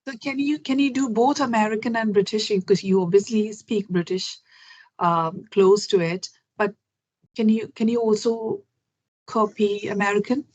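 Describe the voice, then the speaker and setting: A woman's voice: medium pitch, fairly even intonation, normal speed, darkish tone. A woman hosts English speaking practice over a video call, asking one curious question after another. She restarts often and talks in a chatty way. The call sound is slightly dull. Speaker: English conversation host.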